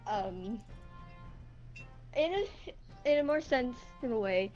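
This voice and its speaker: A woman playing a tabletop game, speaking shyly and softly. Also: on the high side, expressive, slow pace, highs cut off, faint music behind. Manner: shy and soft-spoken. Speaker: player. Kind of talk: casual tabletop game chat.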